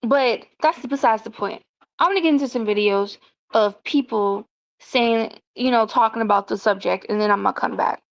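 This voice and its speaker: A woman's voice: fairly high pitch, normal speed, gravelly. A woman from South Carolina, giving opinionated casual commentary as a vlogger. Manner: opinionated, ranting. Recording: dull lo-fi recording.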